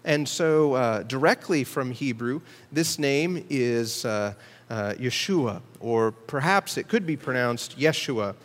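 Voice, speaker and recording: A man preaching a sermon in a steady, teaching manner, slowing down to stress key words. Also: mid-range voice, long reverb tail. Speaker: pastor.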